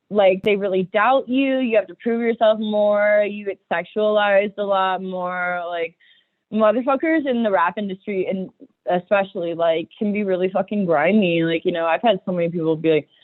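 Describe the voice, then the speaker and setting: A young woman rapper chatting casually as a podcast guest, excitable and profane, laughing often. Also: medium pitch, no room sound. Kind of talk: casual chat. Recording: dry tinny phone-like audio.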